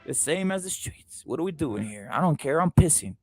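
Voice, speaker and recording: A scruffy house dog with no cares at all, as a man puts him on in a voice close to his own, crude and dismissive. He shrugs everything off and sounds a little high. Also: expressive, fairly quick, husky, faint music behind. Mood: careless.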